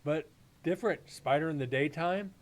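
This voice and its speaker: A man's voice: a little high, moderate pace. Rambling, profane man telling stories. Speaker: paranormal stream host. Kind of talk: casual live-stream chat.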